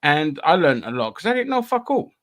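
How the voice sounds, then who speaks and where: A man's voice: fairly high pitch, very animated, fairly quick, a bit bright. Sweary man hosting a podcast. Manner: loose, sweary, many restarts and fillers. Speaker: podcast host. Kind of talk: casual chat.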